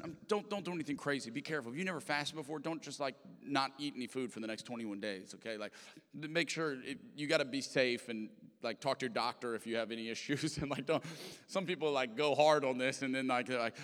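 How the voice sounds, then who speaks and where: A man preaching to a congregation, his mid-pitched voice trailing off into a long hall reverb. He keeps it chatty and jokey, full of fillers, then drops to a near hush for tender moments before punching back loud. The sound is that of a big church room. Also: brisk. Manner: conversational and joking, with many fillers; swings between loud emphasis and hushed, soft delivery. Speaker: pastor. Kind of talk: sermon.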